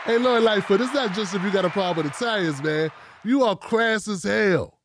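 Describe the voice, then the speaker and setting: A man's voice: sits high, a little fast, a crowd in the background, noisy background. A man hosting his own commentary show, talking bluntly and casually with plenty of profanity before taking phone calls. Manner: blunt, profane and animated, talking straight at the audience. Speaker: show host.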